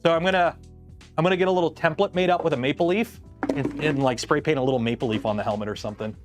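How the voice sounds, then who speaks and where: A man's voice: a little high, fast, faint music behind. A young man chatting casually and rambling on tangents while he works on a build during a livestream. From Canada. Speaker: livestream host.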